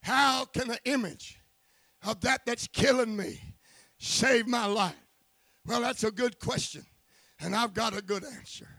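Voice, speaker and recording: A man preaching a sermon, swinging from quiet asides to fervent shouting and calling on the congregation for amens. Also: extremely high pitch, a little slow, creaky, long pauses, dry recording.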